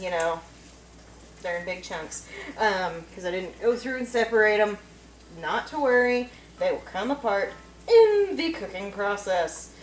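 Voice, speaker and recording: A woman with a Kentucky accent and a medium-pitched voice chats and giggles casually while cooking in her home kitchen for her cooking vlog. The recording is low quality, with slight background noise.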